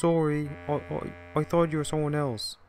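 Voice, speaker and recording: A man's voice: on the high side, flat delivery, moderate pace, darkish tone, faint music behind, voice pushed up, natural voice. Bill, a cheeky twin engine, voiced by a man. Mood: teasing. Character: cheeky mischievous male twin tank engine.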